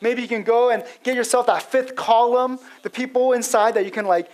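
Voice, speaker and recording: A man's voice: very high voice, steady tone, fairly quick, darkish tone, rough recording. A male pastor giving an expository sermon in a casual storytelling manner, acting out quotes with frequent fillers.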